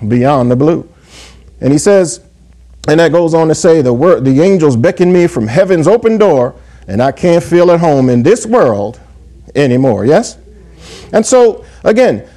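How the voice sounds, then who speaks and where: Man preaching with a dark, warm voice. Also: a little high. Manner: call-and-response asides, frequent "yes?" and "amen?"; reads scripture aloud in King James wording. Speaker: pastor. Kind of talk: sermon.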